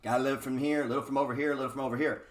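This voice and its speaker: A man's voice: medium pitch, steady tone, racing. A man giving a casual, blunt market lesson over a screen share, swearing often and firing rhetorical questions at viewers. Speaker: trading educator. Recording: roomy echo.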